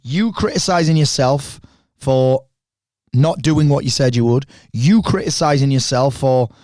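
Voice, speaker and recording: A man, a podcast guest talking bluntly and fast, with lots of swearing. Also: mid-range voice, darkish tone, no echo. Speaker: podcast guest, speaker and coach. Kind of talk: candid conversation.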